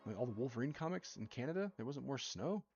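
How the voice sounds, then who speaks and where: A man's voice: fast talker, dull audio. A man hosting a casual live stream while he draws, talking in a mumbly, rambling way into a desktop mic. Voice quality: mumbly, low-key delivery. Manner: relaxed, rambling, thinks out loud. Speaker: live-stream host drawing fan art. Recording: music playing loudly behind voice.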